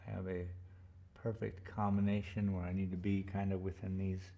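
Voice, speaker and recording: A man talking casually to his viewers while painting, thinking aloud in an unhurried way. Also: deep voice, flat delivery, gravelly, warm tone, highs cut off. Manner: murmured, unhurried thinking aloud, playful sound effects. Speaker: painter streaming live. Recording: faint background noise.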